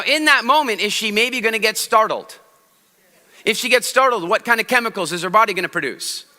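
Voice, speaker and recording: A man giving a motivational talk on stage, telling stories with animated voices and asking the audience questions. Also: sits high. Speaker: motivational speaker. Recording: long hall reverb on stage.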